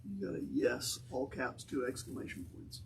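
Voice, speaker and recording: A man chatting casually beside a craft stream, making dry, relaxed remarks. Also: medium pitch, moderate pace, vocal fry, background noise. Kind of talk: casual chat.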